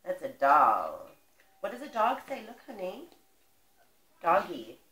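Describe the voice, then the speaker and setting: Woman, very lively sing-song pitch, slow coaxing delivery, baby talk, picture-book reading, roomy home echo. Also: noisy background. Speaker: parent.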